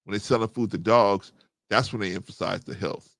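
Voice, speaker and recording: A middle-aged man, hosting a casual livestream, reading chat and getting animated as he agrees. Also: fairly quick, vocal fry, no echo, studio quality. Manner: animated, rising to excited high pitch when agreeing. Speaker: host.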